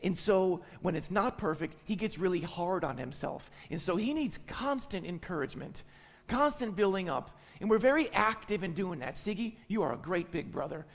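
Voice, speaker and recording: A man's voice: high-pitched, expressive, moderate pace. Middle-aged male pastor, emphatic sermon delivery, long reverberant hall. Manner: emphatic, repeats phrases for stress.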